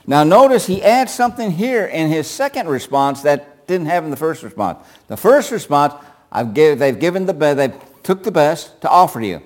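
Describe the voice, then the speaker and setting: A man's voice: on the high side, big pitch swings, normal speed, a little mellow. Man preaching a Bible study, reads verses aloud, asks questions of listeners.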